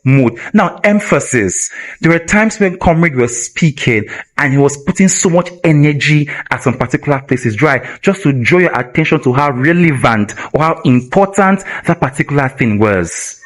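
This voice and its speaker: Lively man teaching a live workshop. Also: on the high side. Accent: Nigerian English. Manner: energetic, asks the audience rhetorical questions. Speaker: communication trainer. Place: event hall with a live audience.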